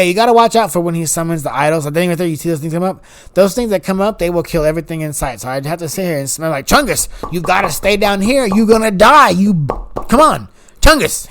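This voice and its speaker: A man talking loosely over footage of his own game run, wandering from point to point. His voice sits a bit high and comes across smooth and clear. When he quotes himself or others, his pitch leaps up. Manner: rambling, animated, acts out quoted dialogue in higher voices. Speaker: gaming YouTuber. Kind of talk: casual gameplay commentary.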